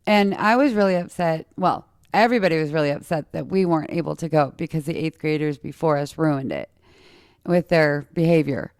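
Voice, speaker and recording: A woman from Utah with a slight lisp tells personal stories in a casual, chatty way, talking straight to her listeners. Her voice sits a little low and has a gravelly fry, yet it comes across smooth and resonant. The sound is close and dry. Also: a little fast, a little mellow, dry recording. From Utah, USA. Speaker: podcast host.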